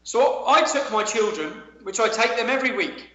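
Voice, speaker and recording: High-voiced, agitated Englishman. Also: expressive, moderate pace, a bit bright. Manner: agitated, emphatic, repeats words. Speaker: guest. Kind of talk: heated personal account. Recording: echoey, dull-sounding audio.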